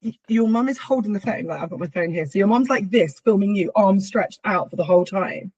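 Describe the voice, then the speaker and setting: A woman hosting a podcast as a doula, telling a birth story in a warm, effusive way. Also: medium pitch, brisk, husky, no room sound. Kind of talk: casual conversation. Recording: dull, slightly lo-fi sound.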